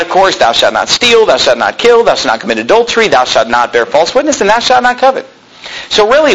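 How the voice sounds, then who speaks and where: A male pastor preaching a sermon in a loud, yelling style, in a church room with no sound system. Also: high-pitched, rough recording. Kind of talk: fiery sermon.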